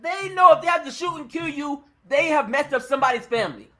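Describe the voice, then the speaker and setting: His pitch is extremely high and his delivery expressive and quick as this male talk show host gives emphatic commentary. He plays out little scenarios and speaks to "ladies and gentlemen."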